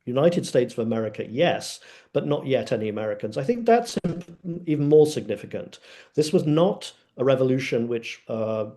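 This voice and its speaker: Male panelist, mellow tone, emphatic lecturing with frequent hesitations. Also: medium pitch, very animated, normal speed. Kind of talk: academic webinar talk.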